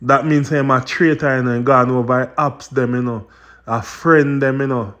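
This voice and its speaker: A Jamaican man with a middle-pitched, ordinary voice speaks to his viewers in patois. He explains and condemns what the clips show in an indignant, conversational tone. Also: steady tone, normal speed, fairly bright tone. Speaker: commentary host. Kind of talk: commentary on clips.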